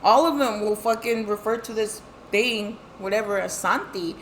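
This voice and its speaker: A woman's voice: medium pitch, moderate pace, a little hiss or hum. A middle-aged woman telling a family story in casual chat, switching between English and Spanish and acting out the voices of the people in it. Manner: heavy swearing, lots of fillers. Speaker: guest telling her life story.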